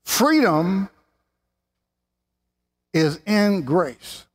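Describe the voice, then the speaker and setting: A man's voice: high voice, sing-song. Fervent preacher man in reverberant hall. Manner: fervent, rising to exclamations and slowing for emphasis. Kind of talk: sermon.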